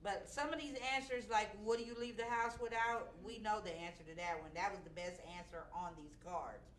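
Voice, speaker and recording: A woman's voice: mid-range voice, fairly quick, slight background noise. Middle-aged woman, brash comedic host, roomy echo. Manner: blunt, brash, profane. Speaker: talk show host. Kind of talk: casual comedic chat.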